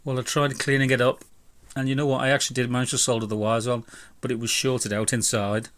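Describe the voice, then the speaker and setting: A man's voice: mid-range voice, flat delivery, quick pace, a bit bright, no room sound. Chatty man tinkering with a bike. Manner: chatty, self-mocking, blunt. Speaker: DIY e-bike vlogger. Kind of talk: casual workshop vlog.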